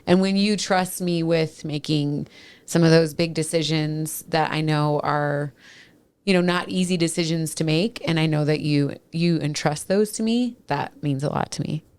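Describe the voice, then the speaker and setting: Woman co-host, 30s, Minnesota accent, low-pitched, earnest and laughing in a casual studio talk. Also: normal speed, a little mellow, clean tone. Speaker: podcast co-host. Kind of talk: casual marriage chat.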